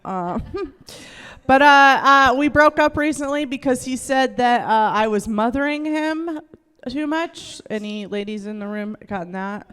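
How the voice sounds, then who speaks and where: Woman comic onstage, kinda high voice, crude and self-mocking, hall reverb. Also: unhurried, a bit bright, smooth. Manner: candid, crude, self-deprecating, laughs often. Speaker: stand-up comedian. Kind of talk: stand-up comedy set. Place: comedy club stage.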